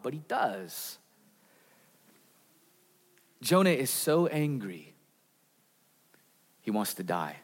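A man preaching a sermon in a church, earnest, with dramatic drops in pitch and volume. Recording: reverberant hall.

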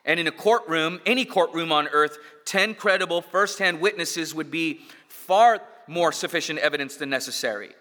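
A man's voice: fairly high pitch, normal speed, hardly any pauses, pushed and bright. A man preaching a sermon as pastor, emphatic, building points through repetition and dropping in casual asides. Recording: long hall reverb.

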